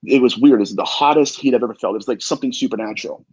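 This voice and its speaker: A man, a demonologist guest, tells an earnest, emphatic story in a husky voice and often repeats himself. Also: medium pitch, very fast, darkish tone, no room sound, muffled recording. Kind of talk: animated storytelling.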